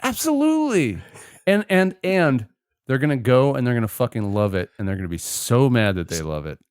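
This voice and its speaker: A man co-hosting a casual film podcast, sarcastic and animated, swearing freely. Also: mid-range voice, fairly quick, smooth, dry recording, studio quality. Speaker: podcast co-host.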